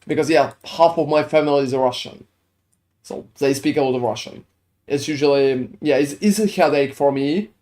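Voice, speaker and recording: Here a man with a French accent chats loosely with viewers while streaming a game, answering chat in meandering, filler-laden replies. His voice sits on the high side with a darkish tone, at normal speed.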